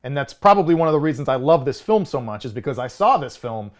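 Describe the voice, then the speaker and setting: A film podcast co-host in his thirties chats casually in a medium-pitched, sing-song voice at a fast pace. He rambles, restarting often and chuckling along the way.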